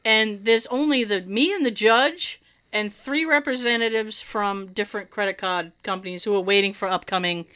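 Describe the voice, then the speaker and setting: A woman telling a long personal story in casual chat, animated, swearing and laughing often. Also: medium pitch, moderate pace, smooth.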